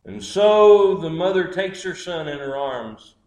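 A man with a somewhat high, darkish voice preaches a sermon, animated but unhurried. He dramatizes his stories and voices the characters in quotes, and the recording carries a roomy echo.

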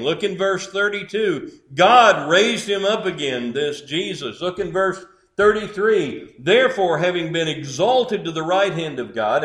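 A man's voice: a little high, roomy sound. A man preaching a sermon, building emphasis through repeated phrases.

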